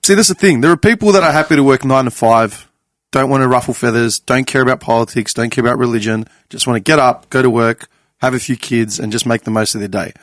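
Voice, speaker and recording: A young man of Greek family hosting a casual podcast chat, animated and swearing freely as he retells conversations. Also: medium pitch, quick pace, dry recording. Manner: animated storyteller, swears freely, quotes others. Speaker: podcast host.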